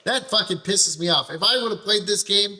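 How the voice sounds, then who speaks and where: Streaming a game, this man rants in frustration, swearing heavily and repeatedly restarting his phrases as he vents. His voice sits high, comes a little fast, and has a sharp tone. It's live gameplay commentary.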